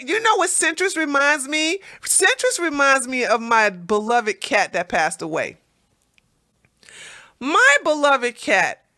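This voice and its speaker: A woman hosting a casual livestream, reading chat comments and telling animated stories with frequent laughs and repeated words. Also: sits high.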